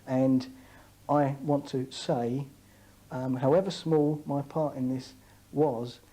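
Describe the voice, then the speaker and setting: A man who served in the air force giving measured, hesitant testimony in a documentary interview, with frequent fillers. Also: mid-range voice, steady tone, mellow, poor audio. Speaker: former RAF serviceman interviewee.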